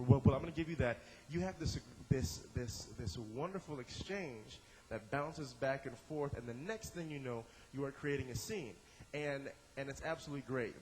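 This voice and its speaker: Brief: male improv instructor, mid pitch, lively and animated, frequent restarts, big echoing hall. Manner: energetic, acts out examples in quick character voices; repeats and restarts words often. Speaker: improv teacher. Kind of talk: instructional talk to a class.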